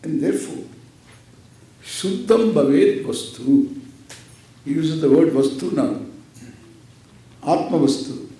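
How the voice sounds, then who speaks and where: A man's voice: fairly high pitch, animated, slow, long pauses, warm tone. A man, a Vedanta teacher giving a playful scripture lecture and acting out little dialogues. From India. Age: 70s. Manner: playful, acts out dialogues with laughter. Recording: echoey hall, distant mic, faint noise.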